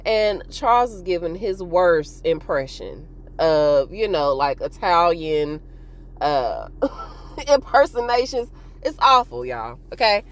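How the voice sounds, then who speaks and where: A woman hosting a casual TV recap, chatty and expressive, laughing often and talking straight to her viewers. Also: fairly low pitch, takes it slowly. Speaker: TV recap host.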